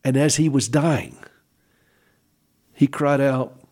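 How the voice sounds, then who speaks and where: A man giving a devotional Easter talk in a reflective way, pausing for effect and asking the listener direct questions. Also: mid-range voice. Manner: reflective, with expressive pauses and emphasis.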